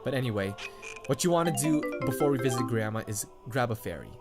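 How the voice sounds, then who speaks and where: Let's play host, man, mid pitch; casual, rambling, jokey, game music under. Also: animated, fast talker. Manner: chatty, rambling, joking. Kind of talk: game commentary. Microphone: condenser mic.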